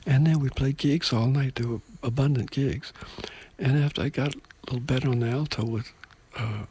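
A man's voice: mid-range voice, moderate pace, dark tone, a little hiss or hum. A man in his sixties, a musician guest on a live radio interview, talking in long rambling stretches and apologizing for going on. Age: 60s. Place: radio studio.

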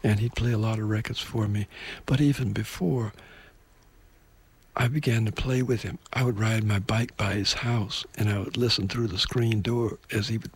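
A man's voice: on the low side, fairly even intonation, normal speed, slightly rough, dry recording. A man in his sixties, a musician guest on a live radio interview, talking in long rambling stretches and apologizing for going on. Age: 60s. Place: radio studio.

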